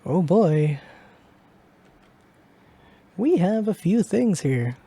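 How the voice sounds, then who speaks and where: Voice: mid-range voice, sing-song, drawn-out words, vocal fry, dark tone, breathy edge. Streamer muttering casual game reactions. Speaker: streamer playing a rhythm game.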